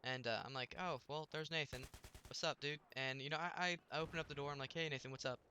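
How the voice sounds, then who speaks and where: A man's voice: fairly high pitch, fairly even intonation, fast, bright, forceful tone, a little hiss or hum. A young man telling a rambling story while commenting on his gameplay, with many restarts.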